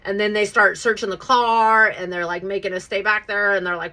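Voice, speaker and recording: A woman hosting her own podcast, telling a personal story in a casual, profane, animated way and often checking in with "right?". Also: mid-range voice, fairly quick, hardly any pauses.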